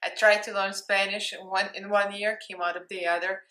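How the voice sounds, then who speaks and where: A woman with a Russian accent talks casually and playfully, giggling between thoughts as she hosts a makeup tutorial. Her voice is bright and forceful. The room around her adds a noticeable echo. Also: mid-range voice, little pitch movement, brisk. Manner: bubbly, chatty, playful and giggly. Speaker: makeup vlogger.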